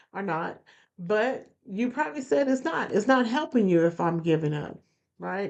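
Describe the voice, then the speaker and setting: A woman with a slightly mellow, lowish voice hosts a motivational podcast, speaking earnestly to her listeners and repeating phrases to drive her points home. The recording is dull and lo-fi.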